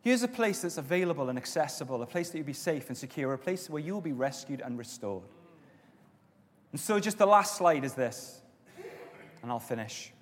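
A man preaching a sermon as pastor, with stretches of loud, emphatic exhortation and softer prayer. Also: on the high side, sing-song, moderate pace. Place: church auditorium. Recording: long reverb of a church hall.

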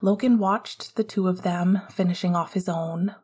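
A woman narrating a romance audiobook in a soft, unhurried storytelling manner. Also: fairly low pitch, steady tone, husky.

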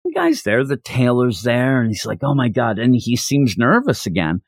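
A man's voice: mid-range voice, normal speed, vocal fry, no echo. A man hosting a manga podcast, talking casually and rambling while acting out lines. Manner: rambling, animated, acts out quotes. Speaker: podcast host.

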